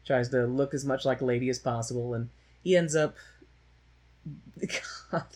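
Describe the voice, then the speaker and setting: A man with a husky, slightly breathy voice talks through a film in loose, casual chat. He rambles and laughs a lot, carrying a sardonic edge as he retells scenes. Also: mid-range voice, moderate pace, darkish tone. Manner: rambling, laughs often, slips into mocking voices for quotes. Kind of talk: casual chat, movie discussion.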